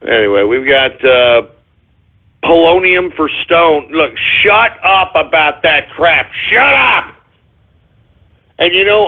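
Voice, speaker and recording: A man hosting a talk radio show, ranting and swinging from calm talk to angry shouting. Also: high voice. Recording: muffled phone-like internet radio audio.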